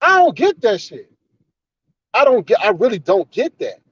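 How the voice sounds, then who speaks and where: A man's voice: high voice, huge pitch swings, normal speed, fairly bright tone, breathy edge, dry recording. A man giving an indignant, profane, repetitive rant in a commentary vlog. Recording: slightly dull, dry recording.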